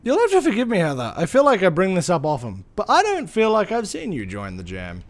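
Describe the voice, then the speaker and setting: A man's voice: high voice, huge pitch swings, a little fast. A young man streaming a game, telling a story casually and animatedly, swearing freely. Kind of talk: casual storytelling while gaming.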